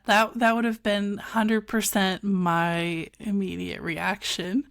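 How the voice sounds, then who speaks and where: A woman's voice: mid-range voice, steady tone, normal speed, hardly any pauses. A woman hosting a podcast conversation who is affirming and conversational and often voices agreement. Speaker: podcast host.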